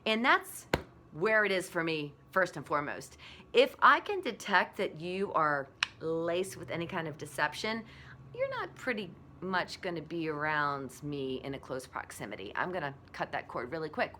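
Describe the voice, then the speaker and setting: A woman in her forties, a blogger giving a candid, animated motivational talk. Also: low voice, normal speed, noisy background.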